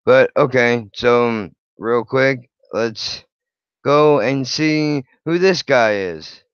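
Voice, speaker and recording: A man's voice: mid-range voice, slow pace, clear, resonant tone, no echo, dull audio. Blunt, profane man reacting to videos. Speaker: channel host.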